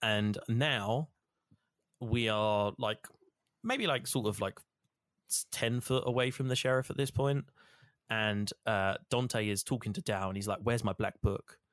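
A man's voice: on the low side, a little slow, a bit bright, no echo, clean studio sound. A man in casual chat, rambling through a game recap, swearing freely and acting out the characters. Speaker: podcast co-host recapping a game.

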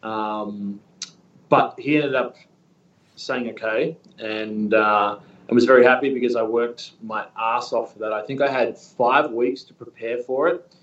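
A man in his thirties from Australia, a guest in a casual interview, talking in a rambling, relaxed way with many fillers. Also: mid-range voice, measured pace. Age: 30s. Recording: distant, echoey, muffled room sound.

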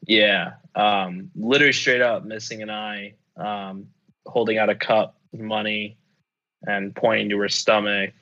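Man, deep-ish voice, casual rambling chat, swears a lot, muffled lo-fi sound. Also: steady tone, unhurried, bright, forceful tone. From United States. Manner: rambling, profane, many fillers and restarts.

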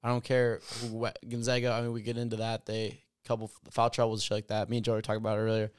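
A man in a casual sports chat, telling an animated story and acting out quotes in a raised voice. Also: fairly low pitch, fast talker, smooth, no echo, studio quality.

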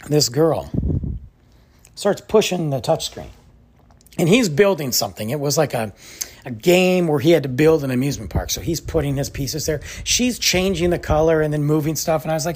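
A man's voice: on the high side, lively intonation, normal speed, darkish tone, slightly rough. A young adult man, a podcast host telling a story in a casual, exasperated way and acting out the others' lines.

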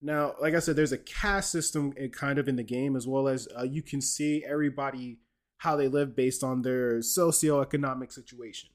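A man's voice: medium pitch, fairly even intonation, moderate pace. A man hosting a podcast, casually explaining a video game's story and joking with his co-host. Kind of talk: casual chat.

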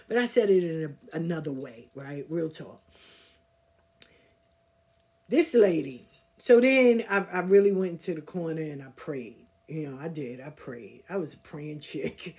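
A woman's voice: on the low side, mellow. A woman from the Southern United States hosting a podcast, telling a story and encouraging listeners in a loose, slangy way as she acts out the people she quotes. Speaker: podcast host. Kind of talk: casual storytelling and spiritual encouragement.

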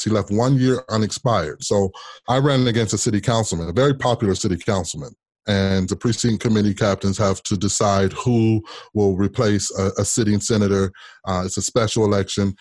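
A man from Kansas with a low voice tells a long personal story as an interview guest. He is animated and often repeats a word before he finds the rest of the sentence. The recording is dry and close. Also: no echo. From Kansas, United States. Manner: animated, repeats words while telling a story. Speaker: interview guest, state senator.

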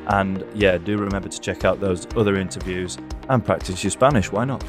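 A man's voice: low voice, steady tone, a little fast, music in the background. A man with a Northern English accent, co-hosting a podcast in easygoing casual chat. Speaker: podcast co-host.

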